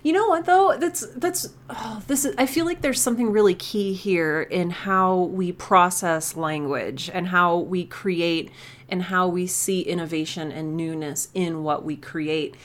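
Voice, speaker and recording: A woman's voice: lowish voice, unhurried. A woman guest on a podcast over a video call, a writer talking about her craft in an enthusiastic, thoughtful way. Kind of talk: casual interview chat.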